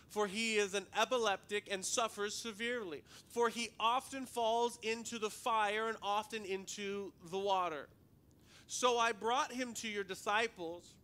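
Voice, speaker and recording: A man's voice: high voice, pushed and bright. A male pastor preaching a sermon in a conversational, joking way, often repeating words as he goes.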